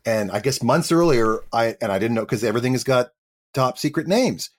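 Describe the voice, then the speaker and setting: A middle-aged man speaks as an actor guest on an interview show. His voice sits at a medium pitch, and he tells his story with energy, acting out every line of dialogue himself. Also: lively intonation, a little fast. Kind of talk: interview anecdote.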